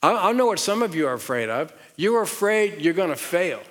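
A man's voice: sits high, brisk. Southern man preaching in a reverberant hall. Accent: Southern American. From Southern United States. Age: middle-aged. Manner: animated storytelling with rhetorical questions and audience call-and-response. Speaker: pastor. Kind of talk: sermon. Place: large church auditorium on stage.

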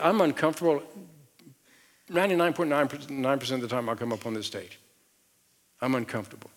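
Southern man preaching in a reverberant hall. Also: fairly high pitch. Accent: Southern American. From Southern United States. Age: middle-aged. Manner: animated storytelling with rhetorical questions and audience call-and-response. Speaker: pastor. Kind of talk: sermon. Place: large church auditorium on stage.

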